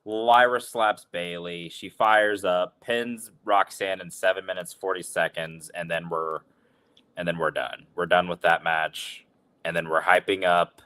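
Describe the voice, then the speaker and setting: Low-voiced rambling podcast man. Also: steady tone, measured pace, pushed and bright, clean tone. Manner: loose, rambling, with filler and restarts, swears. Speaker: podcast co-host. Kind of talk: casual wrestling recap chat.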